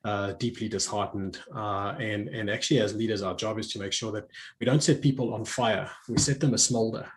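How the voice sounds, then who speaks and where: A middle-aged man appears as a guest in a conversational online talk, speaking reflectively, frequently restarting his phrases and laughing easily. His voice is on the low side, steady in tone, and brisk.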